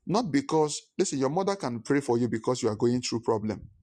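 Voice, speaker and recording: Male pastor, mid-pitched voice, sermon delivery with repetition and acted-out phone calls. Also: animated, brisk, dark tone. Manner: preaching with repetition, acting out phone calls in pidgin.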